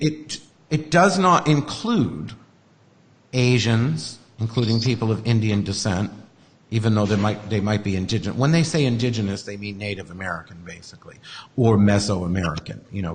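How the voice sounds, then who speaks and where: A man's voice: on the low side, normal speed, long reverb tail, a little hiss or hum. A man hosting a casual podcast chat, ranting in a profane, sarcastic way. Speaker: host.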